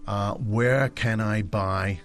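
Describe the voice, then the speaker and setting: A man's voice: on the low side, steady tone, slow pace, a bit bright, faint music behind. A man hosting a podcast language lesson, explaining step by step with many hesitations. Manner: explanatory, hesitant with fillers and restarts.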